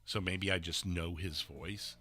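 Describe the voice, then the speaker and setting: Deep-voiced Midwestern man rambling casually. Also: steady tone, sharp tone, breathy edge. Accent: Midwestern American. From American Midwest. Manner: rambling, halting with many fillers and restarts. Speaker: streamer and roleplay dispatcher. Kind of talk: casual chat. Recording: faint music behind.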